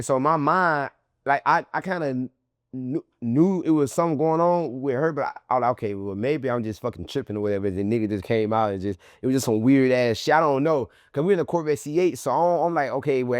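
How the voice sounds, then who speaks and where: A man being interviewed as a guest, telling his story in animated, profane slang and acting out what others said in a raised voice. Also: medium pitch, dry recording, studio quality. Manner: acts out quoted people in a raised voice.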